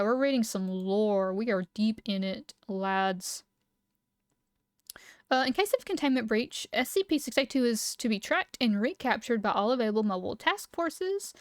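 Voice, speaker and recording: A young woman streaming live, reading lore aloud and chatting with viewers, excitable and quick to laugh. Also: a little high, dry recording, studio quality. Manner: excitable, giggly, reacting loudly.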